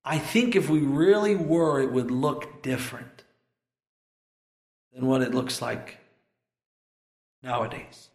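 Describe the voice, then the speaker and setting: A man preaching a sermon as pastor, impassioned and building to shouted peaks. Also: mid-range voice, steady tone, slow, pauses often, echoey room.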